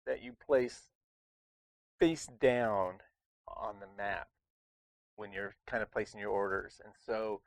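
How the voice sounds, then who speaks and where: A man's voice: lowish voice, steady tone, slow, pauses often, dry recording. A man hosting a casual board game review, talking in a chatty, rambling way with lots of restarts. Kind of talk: casual chat.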